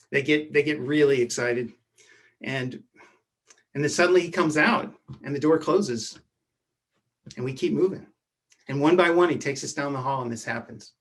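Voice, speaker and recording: A man telling a true personal story from his youth, in a measured way that often drops to a hushed voice. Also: mid-range voice. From Edwardsville, Illinois.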